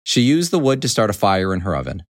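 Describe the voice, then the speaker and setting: Low-voiced, animated male storyteller. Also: fast, dry recording, clean studio sound. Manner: expressive and animated. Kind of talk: children's storybook reading.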